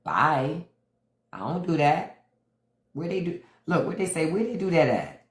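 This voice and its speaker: Guy on a phone live, chatty and opinionated, keeps shouting out viewers, kinda echoey room. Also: a little high, big pitch swings, unhurried. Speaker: livestream host. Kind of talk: casual political commentary. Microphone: phone livestream. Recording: roomy echo.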